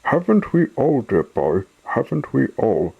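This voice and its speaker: A man's voice: medium pitch, very animated, a little slow, gravelly, slightly rough, narrow, tinny audio, pitched above the performer's own voice, exaggerated voice. A man voicing a pompous, grand old male tugboat.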